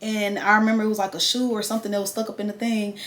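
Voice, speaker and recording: A woman's voice: mid-range voice, very fast. A young woman, casually telling a storytime tale to her viewers with quoted voices. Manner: chatty, animated retelling with quoted voices. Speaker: vlogger.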